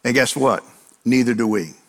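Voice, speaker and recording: Guy preaching a sermon, mid-pitched, keeps asking questions then answering them, big reverby hall sound. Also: normal speed, a bit bright. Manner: emphatic repetition and rhetorical questions.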